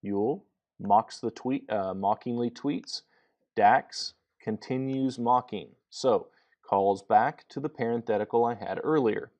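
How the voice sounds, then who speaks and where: A man instructor walking through a screenwriting tutorial, halting with many fillers as he explains each step. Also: medium pitch, a little mellow, muffled recording.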